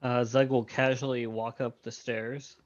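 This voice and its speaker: A man plays his turn in a tabletop game, speaking slowly and with many hesitations and small laughs. His voice sounds dull and lo-fi. The recording is dry and close. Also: mid-range voice, little pitch movement, no room sound. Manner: hesitant, laughing, full of fillers. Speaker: player. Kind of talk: casual tabletop game play.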